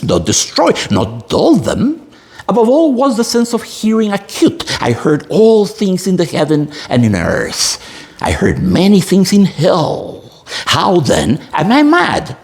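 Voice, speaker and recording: Gravelly man, theatrical. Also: mid-range voice. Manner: theatrical, emphatic reading with wide swings. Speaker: literature teacher. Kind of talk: literature lesson with dramatic reading.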